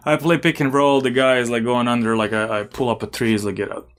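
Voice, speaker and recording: A young man from Serbia with a Serbian accent, casually telling stories as a podcast guest, animated and swearing now and then. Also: medium pitch, fast. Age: young adult. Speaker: podcast guest, former college basketball player. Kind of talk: casual storytelling interview.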